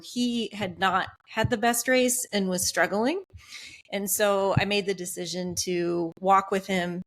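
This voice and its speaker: Woman podcast guest, medium pitch, upbeat and earnest storyteller. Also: a bit bright. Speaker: podcast guest, Ironman athlete. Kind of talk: casual podcast chat.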